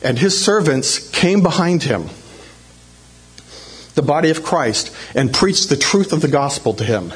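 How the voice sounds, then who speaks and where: A man telling a lively personal story to a church congregation, acting out shouts in a raised voice. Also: a little high, unhurried. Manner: animated, acts out shouts in a raised voice. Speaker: church speaker telling a testimony.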